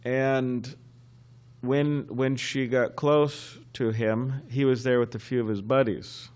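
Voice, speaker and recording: A man giving a scripture class at a temple, telling a story in a halting, conversational way. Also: mid-range voice, level tone, a little mellow, clean tone. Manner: halting and conversational, often restarting.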